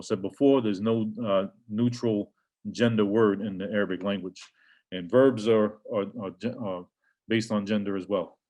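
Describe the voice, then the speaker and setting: Guy teaching an arabic lesson, kinda low voice, repeats stuff, reads examples then translates. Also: darkish tone. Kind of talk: casual grammar lesson explaining textbook examples.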